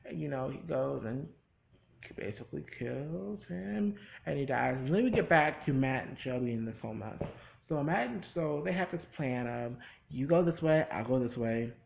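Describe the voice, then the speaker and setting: Casual male vlogger with a gravelly voice, chatty and rambling, recapping a show. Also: mid-range voice, lively intonation, moderate pace, a little mellow, a little hiss or hum, rough recording. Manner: rambling, chatty, with many restarts and acted-out quotes.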